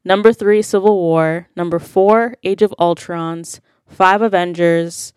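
A woman co-hosting a casual movie chat, telling jokes in a dry, deadpan way. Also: on the low side, a little slow, clear, resonant tone, no echo. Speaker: podcast co-host.

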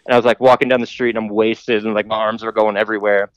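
A man's voice: fairly low pitch, little pitch movement, fast talker, clear, resonant tone, dry recording, dull audio. A man hosting a podcast, telling a long story in a rambling, profane way full of fillers. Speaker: podcast host telling stories. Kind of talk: casual storytelling.

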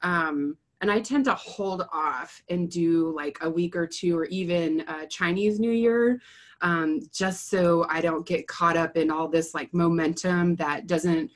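A woman's voice: lowish voice, a little slow. A young adult woman, a therapist, chatting casually and rambling through a story, laughing often. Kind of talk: casual chat.

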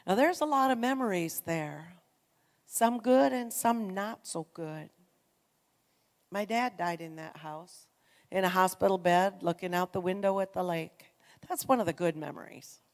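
A middle-aged woman giving an earnest, conversational sermon testimony, swinging between loud emphasis and soft, quiet passages. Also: lowish voice, a little slow. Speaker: church speaker. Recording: long reverb in a large hall.

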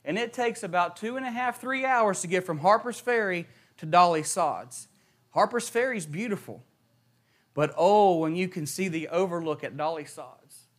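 A young preacher with a high voice delivers a sermon. He reads scripture and prays in a hushed way, then tells stories with mounting emphasis. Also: moderate pace. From West Virginia.

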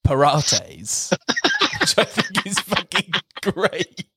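A man co-hosting a podcast, chatting casually and laughing often as he slowly plays with the sounds of words. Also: mid-range voice, animated, noisy background. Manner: playful, laughs often, reads out word jokes slowly. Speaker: podcast co-host. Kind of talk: casual chat.

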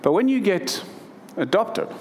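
A pastor in his thirties delivers a sermon in a slightly higher-than-average male voice. He moves from a scripture reading into heartfelt personal storytelling, often restarting his sentences. A faint hiss sits underneath. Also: sing-song, a little slow. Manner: earnest, emotional personal storytelling with repeated restarts.

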